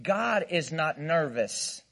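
High-voiced, playful preaching man. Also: big pitch swings, takes it slowly, vocal fry, fairly bright tone. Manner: playful, emphatic preaching with call-and-response and mock laughter. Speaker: guest pastor. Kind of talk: sermon.

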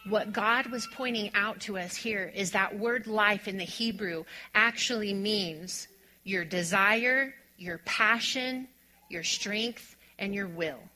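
A woman delivers a sermon with a bright, clear tone. She moves between soft, almost hushed passages and emphatic, rising declarations, explaining scripture to her listeners. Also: mid-range voice, low-quality recording. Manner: expressive, drops to a hush on quiet lines and rises to emphatic on strong ones. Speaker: preacher.

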